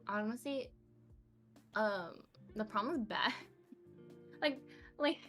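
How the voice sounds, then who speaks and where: A woman's voice: fairly high pitch, slow pace, a bit bright, faint music behind. A young woman from the United States, a podcast guest chatting casually about her life, laughing often and poking fun at herself. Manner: giggly, laughs often, self-mocking. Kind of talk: casual interview chat.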